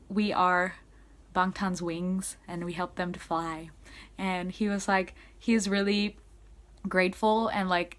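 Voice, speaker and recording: A young woman vlogger chatting casually and excitably, full of fillers, swinging between loud squeals and soft asides. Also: mid-range voice. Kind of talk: casual fan recap to camera.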